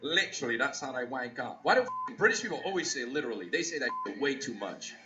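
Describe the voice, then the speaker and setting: A man's voice: medium pitch, big pitch swings, fast, over music. A man doing a profane stand-up comedy routine on a club stage, slipping into mock voices as he laughs along. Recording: dull lo-fi audio with roomy echo.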